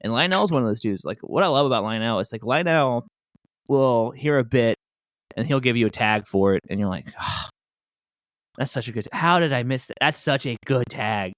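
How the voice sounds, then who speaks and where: A man who does stand-up, chatting casually and telling stories with quick voiced asides. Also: mid-range voice, lively intonation, fairly bright tone, no room sound, clean studio sound. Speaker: podcast host and stand-up comic. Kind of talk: casual chat.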